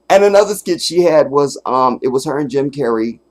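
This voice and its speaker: A man hosting a casual solo livestream, telling stories with animated, profane energy, often breaking into laughter and sometimes making emphatic declarations. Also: mid-range voice, a little slow. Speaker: livestream host.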